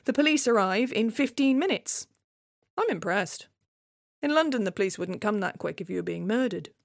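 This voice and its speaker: Deadpan woman telling a dramatic monologue. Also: mid-range voice, moderate pace, vocal fry, dry recording, clean studio sound. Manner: sardonic, deadpan, sweary. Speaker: playwright performer.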